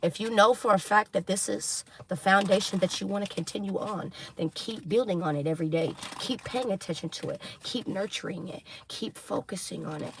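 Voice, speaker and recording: A woman giving a tarot reading to her viewers, preaching intensely, swearing, and apologizing for getting loud. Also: mid-range voice, normal speed, hardly any pauses, slight background noise. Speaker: tarot reader.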